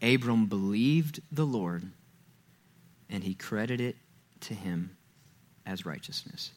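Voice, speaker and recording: A man preaching a sermon in a church, talking casually, acting out quoted voices and getting louder and higher when he stresses a point. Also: a little slow. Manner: conversational, acts out quoted voices, rises loud and high when stressing. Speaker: pastor. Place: church sanctuary.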